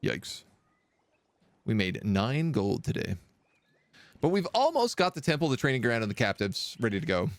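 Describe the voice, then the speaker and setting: A man streaming a kingdom sim, talking casually and wryly as he plays. His voice jumps around a lot in pitch, and it sits close and dry on the mic. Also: very animated, normal speed, pauses often, no echo. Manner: chatty, wry, thinking aloud. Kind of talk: casual live gameplay commentary. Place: living in Quebec.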